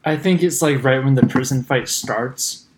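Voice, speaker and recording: A man's voice: mid-range voice, moderate pace, slight background noise. A young man in a casual movie chat, thoughtful and explaining with many fillers. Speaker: podcast co-host.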